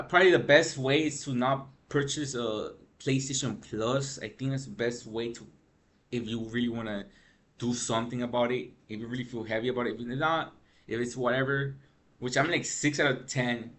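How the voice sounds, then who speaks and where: In a mid-range, fairly bright voice, a man vents about gaming news in a slangy, meandering vlog. He sounds tired from missing sleep and drops "bro" and "freaking" all the time in this casual rant.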